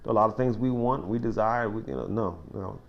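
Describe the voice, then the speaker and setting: In a small cafe, a man with a fairly low voice leads an informal verse-by-verse Bible study at a quick pace. He's folksy and chatty, full of restarts and "you know"s, and works up to excited sports stories. The audio is dull, with a little hiss or hum.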